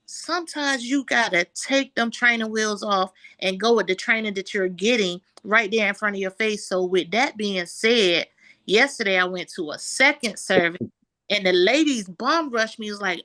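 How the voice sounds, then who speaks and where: A woman telling a lively story on a group video call about her insurance work. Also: medium pitch, normal speed. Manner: animated storytelling, quoting others. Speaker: insurance agent sharing a win. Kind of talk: casual group call testimony.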